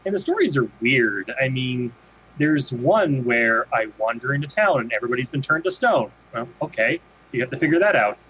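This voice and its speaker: A man's voice: mid-range voice, animated, moderate pace, a bit bright. A man co-hosts a podcast in a loose, rambling way, circling back to restart his sentences. His voice comes through a dull, lo-fi microphone with faint hiss underneath. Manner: rambling, many restarts and fillers. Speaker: podcast co-host. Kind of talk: casual chat. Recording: dull lo-fi sound with faint noise.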